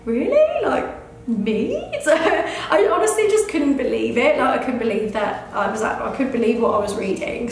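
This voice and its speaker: Young British woman, beauty vlogger, gushing and teary, slightly high voice, heavy room echo. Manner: gushing, emotional, many restarts. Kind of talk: casual talk to camera. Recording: very echoey room.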